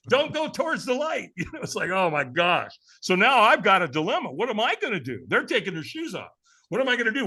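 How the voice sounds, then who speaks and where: A man in his sixties tells his story as a podcast guest, his slightly high voice jumping all over as he acts out the people in it. The tone is bright and forceful, and he chuckles through the telling. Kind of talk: animated storytelling.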